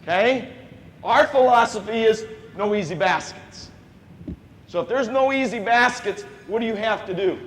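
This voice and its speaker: Brief: animated high-voiced man as youth basketball coach, quizzing kids, long gym reverb. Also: normal speed, a little hiss or hum. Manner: animated, asks the players questions, repeats key points. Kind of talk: coaching clinic instruction. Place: gym with players on court.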